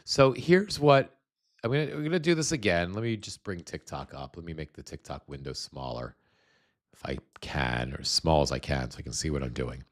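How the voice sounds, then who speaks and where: A man's voice: extremely low pitch, expressive, brisk. A man hosting a live stream, talking bluntly and scornfully, with many restarts as he explains things at his computer. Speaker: show host.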